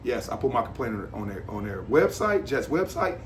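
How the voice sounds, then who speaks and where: A man hosting his own show, talking straight through a casual, rambling monologue. He repeats himself for emphasis and leans hard on key points, and his pitch sits in an ordinary middle range. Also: very animated, moderate pace, a little hiss or hum. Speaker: podcast host.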